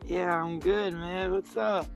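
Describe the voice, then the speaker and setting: A man's voice: high-pitched, flat delivery, slow, soft background music. A man with a youthful-sounding voice calling into an online voice chat, hot-tempered and hurling crude insults. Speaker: caller in a voice chat. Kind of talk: heated trash talk.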